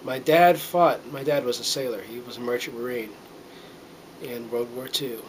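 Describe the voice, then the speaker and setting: Man, middle-aged, from the United States, earnest rambling monologue, lots of fillers, a bit choked up, handheld camera, faint background noise. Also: mid-range voice. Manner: rambling, earnest, halting with many fillers and restarts. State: a little choked up. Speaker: vlogger. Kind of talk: casual heartfelt monologue to camera.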